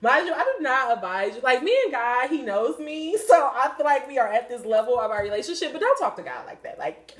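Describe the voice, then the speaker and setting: A woman's voice: on the high side, animated, brisk. A young woman hosting a podcast, chatting candidly about spiritual signs in a rambling, swearing way. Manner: rambling and profane, with many fillers. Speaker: podcast host. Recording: roomy echo.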